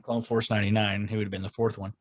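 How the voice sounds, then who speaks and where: A man's voice: lowish voice, little pitch movement, fast, no room sound. A man co-hosting a podcast, chatting casually and musing aloud as he searches for names. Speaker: podcast co-host.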